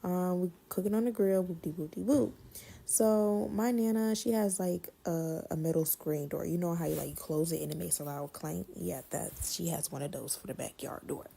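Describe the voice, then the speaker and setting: A woman recounting a family story in a casual, animated way, blunt and quick to swear. Her voice is gravelly and husky, with a low, dark tone. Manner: animated, blunt, swears freely, repeats words for effect.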